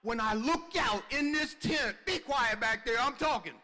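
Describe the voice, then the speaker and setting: A man in his sixties giving a heartfelt, preacher-like reunion speech in a large tent, with slow rhetorical repetition. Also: very high voice, noisy background. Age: 60s. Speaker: award recipient giving remarks.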